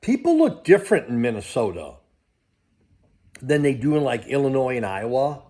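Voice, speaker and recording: An older man talks to his viewers in a casual vlog. His voice sits at an ordinary pitch, and he rambles from one thought to the next, often stopping to remember a detail. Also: very animated, moderate pace, mellow. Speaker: crypto vlogger.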